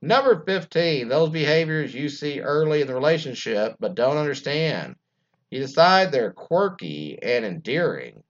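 A man's voice: a little high, big pitch swings, moderate pace, lo-fi sound. Rambling, crude man hosting a radio show. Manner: rambling, many fillers and restarts, crude jokes. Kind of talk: casual talk show banter.

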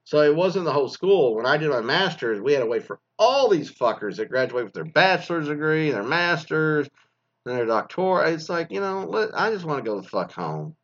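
A man's voice: fairly high pitch, very animated, a little fast, a bit bright. A middle-aged man from Texas, a former teacher, ranting with heavy profanity and sarcasm in a casual monologue. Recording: slightly dull lo-fi sound.

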